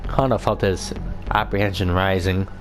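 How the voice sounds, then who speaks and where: A man's voice: sits low, fairly even intonation, normal speed, over music. A man reading a game's story aloud, narrating with chatty asides. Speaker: game narrator.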